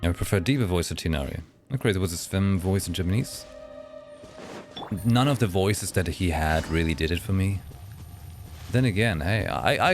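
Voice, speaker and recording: A man chatting casually with viewers on a game live stream, lively and playful, slipping into voices for fun. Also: sits low, fairly quick, faint music behind.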